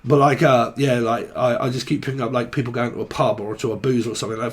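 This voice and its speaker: A man talks through a tarot reading in a loose, rambling way. He jumps from one idea to the next, jokes and drops swear words as he goes. His voice sits in an ordinary middle pitch. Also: steady tone, fast, hardly any pauses, breathy edge. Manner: rambling, free-associating, jokey, swears casually. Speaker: tarot reader. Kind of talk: casual stream-of-consciousness tarot reading.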